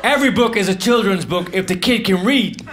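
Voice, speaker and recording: High-voiced deadpan comedian, live club. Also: male voice, a little fast. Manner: deadpan, offhand one-liners, drifts into low muttered asides. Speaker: stand-up comedian. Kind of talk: stand-up comedy set. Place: comedy club stage with laughing audience. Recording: live club recording with audience noise. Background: audience laughter.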